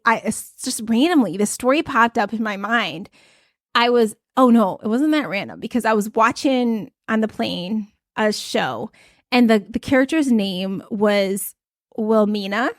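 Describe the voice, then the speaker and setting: A woman's voice: on the high side, measured pace, dry recording. Chatty young woman, dry close sound. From United States. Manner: chatty, rambling, many fillers. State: pregnant. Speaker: podcast host. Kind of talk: casual podcast chat giving tips.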